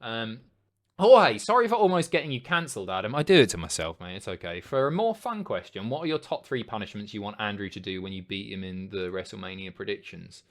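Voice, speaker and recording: A man's voice: on the low side, big pitch swings, a little fast. Sweary man streaming live. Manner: sweary, rambling, jokey, jumps between loud outbursts and mumbles. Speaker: live streamer reading chat messages. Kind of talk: casual livestream chat.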